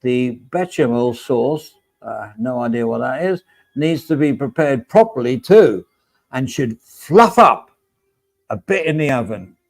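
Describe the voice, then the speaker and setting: A man's voice: medium pitch, animated, a little slow, creaky, no echo, low-quality recording. A middle-aged man hosting a casual livestream, reading out chat and joking with viewers by name. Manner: chatty, jokey, addresses viewers by name.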